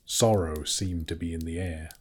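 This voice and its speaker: A man narrating a fantasy audiobook in a measured, steady storytelling manner. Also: low voice, slight background noise.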